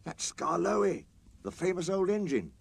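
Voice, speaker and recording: A small, kind steam engine with a soft, gentle, apologetic voice pitched above the reader's own, as a man puts him on. His lines are hushed and mild, with a lively up-and-down lilt. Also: measured pace, creaky, breathy edge, full character voice.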